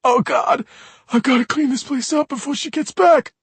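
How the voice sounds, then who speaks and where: A man voicing a big, drugged-up teenage boy who is panicked and sobbing, in a high, strained wail. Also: steady tone, moderate pace, fairly bright tone, dry recording. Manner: frantic wailing, high and strained.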